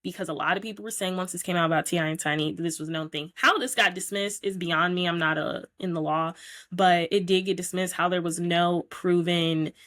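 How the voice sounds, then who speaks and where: Chatty opinionated woman podcaster, low voice. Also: fairly quick. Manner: chatty, opinionated, animated retelling. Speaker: podcast host. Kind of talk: casual recap commentary.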